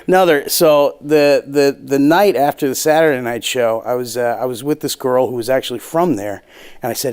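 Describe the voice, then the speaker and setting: A man's voice: medium pitch, steady tone, moderate pace, darkish tone. A man in his thirties, a comedy panelist telling a rambling, self-mocking story with swearing. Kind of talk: casual storytelling.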